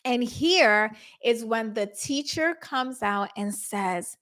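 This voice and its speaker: Woman host, middle-aged, animated storytelling, slightly high voice. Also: slow pace, few pauses. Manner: animated, acts out quotes with voice shifts. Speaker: podcast host. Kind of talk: casual storytelling to listeners.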